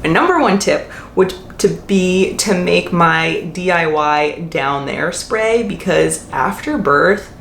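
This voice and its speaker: A woman's voice: fairly low pitch, animated, slow, gravelly, fairly bright tone. A young woman answering viewer questions in a casual vlog, talking in a chatty way with lots of fillers and self-corrections. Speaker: mom vlogger. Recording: echoey room with faint hiss.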